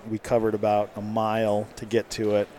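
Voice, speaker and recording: A man's voice: fairly low pitch, a little fast. A man telling a long hunting story about his son in a casual conversation, acting out the dialogue as he goes. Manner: animated storytelling, acts out quoted dialogue. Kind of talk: casual chat.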